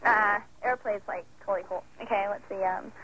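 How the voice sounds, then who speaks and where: A woman's voice: mid-range voice, fairly even intonation, fairly quick, sharp tone, slightly rough, rough recording. A woman leaving a rambling voicemail over the phone, full of fillers and laid-back slang. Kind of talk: rambling casual phone message. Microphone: phone line.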